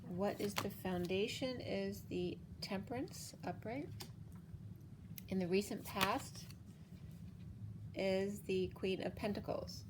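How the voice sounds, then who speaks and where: Chatty woman reading tarot, a bit hoarse. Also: medium pitch, slow, pauses often, noisy background. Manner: chatty, thinks aloud with fillers and self-corrections. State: hoarse, losing her voice. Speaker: tarot reader. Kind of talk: casual tarot card reading.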